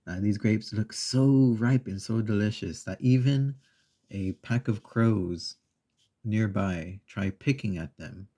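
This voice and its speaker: A man with a gravelly, breathy voice, retelling a children's story as a soft-spoken ASMR host, slow and meandering with pauses. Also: lowish voice.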